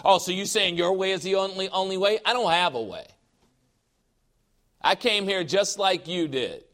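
A man preaching a sermon in a forceful, emphatic way, firing rhetorical questions and mocking the objections of skeptics. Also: a little high.

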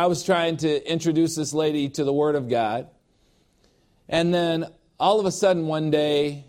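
A man with a somewhat high voice preaches to his congregation. He talks in an emphatic, emotional way, drifts into personal asides and repeats phrases to hammer them home. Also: a little mellow. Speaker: pastor. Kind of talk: sermon.

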